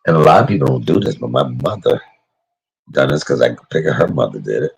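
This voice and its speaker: Man, very low pitch, raspy husky tone, casual cooking vlog, warm-hearted chatter. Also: animated, fast, rough recording. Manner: emotional, chatty, talks to live chat by name. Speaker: cooking vlogger. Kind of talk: casual cooking talk to viewers.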